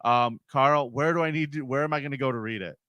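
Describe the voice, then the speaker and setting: A man's voice: mid-range voice, fast, fairly bright tone, no room sound. A man co-hosting a podcast in casual chat, blunt and swearing freely. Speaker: podcast co-host.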